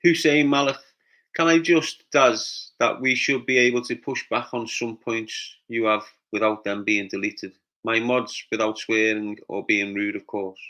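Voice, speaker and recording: Scouse fella chatting on his livestream, reads out names and answers them, mid pitch. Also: bright, forceful tone. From Liverpool, England. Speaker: livestream host reading viewer comments. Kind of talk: casual livestream chat.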